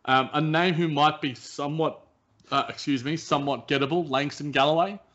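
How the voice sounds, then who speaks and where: Male podcast co-host, halting casual sports talk, muffled lo-fi audio. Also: on the high side, steady tone, a bit bright. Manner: hesitant, many restarts and fillers. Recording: dull lo-fi sound.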